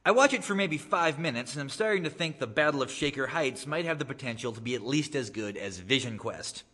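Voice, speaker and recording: A man reading his own essay aloud to an audience in a gallery, with wry, deadpan humor. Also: mid-range voice, fairly quick. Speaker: guest author giving a reading. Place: art gallery, live reading. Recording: long reverb of a gallery hall.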